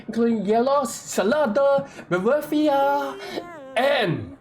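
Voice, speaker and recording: A game streamer voicing a flamboyant, self-important male poet, reading game dialogue in a grandiose, drawn-out theatrical style. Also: high voice, animated, voice pushed up.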